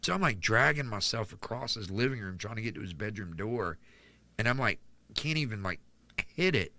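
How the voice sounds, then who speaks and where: A man's voice: fairly low pitch, animated, moderate pace, sharp tone, no echo. A man from North Carolina, a podcast guest telling his life story in a candid, rambling way full of "like". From Charlotte, North Carolina, US. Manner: rambling and candid, heavy use of "like". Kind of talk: personal storytelling in a casual interview.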